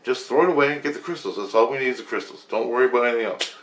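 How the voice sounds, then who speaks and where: A man's voice: medium pitch, racing, fairly bright tone, echoey room, natural voice, low-quality recording. A man voicing a group of alien diggers who brush off his questions and hurry him along. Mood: dismissive.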